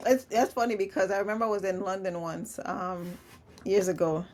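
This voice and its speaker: A woman's voice: mid-range voice, fairly even intonation, brisk, a little mellow. A woman hosting a podcast, chatting casually, with short agreeing replies and frequent laughs. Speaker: podcast host. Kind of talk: casual conversation.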